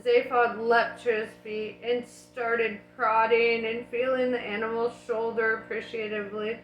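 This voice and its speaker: A woman reads a novel aloud at a slow, easy pace, her voice set a little high. She sounds casual and unhurried, in an echoey room with faint music behind. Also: little pitch movement, highs cut off. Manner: unhurried, with asides and laughs. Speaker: audiobook reader.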